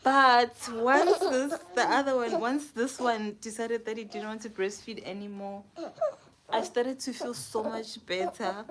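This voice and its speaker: A young mother of twins talking candidly and softly at home, with light laughs here and there. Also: a little high, measured pace. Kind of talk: casual home vlog talk. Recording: home recording with audible background noise.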